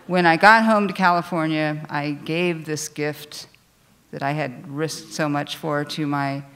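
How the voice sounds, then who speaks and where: A woman telling a personal story on stage at a live storytelling show, animated and self-deprecating, with frequent restarts. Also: sits low, a little slow, smooth. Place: theater stage before a live audience.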